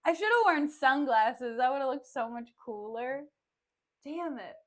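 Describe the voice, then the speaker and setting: A high-pitched woman chats on a live stream, loose and expressive. She breaks off her reading to comment, joke and laugh with her audience. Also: measured pace. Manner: chatty, expressive, frequent laughs and asides. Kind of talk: casual live-stream chat while reading a play.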